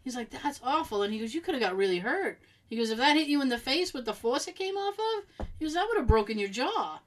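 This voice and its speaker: A woman telling a long story in casual chat, animated and laughing as she acts out what people said. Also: fairly high pitch, quick pace, rough recording.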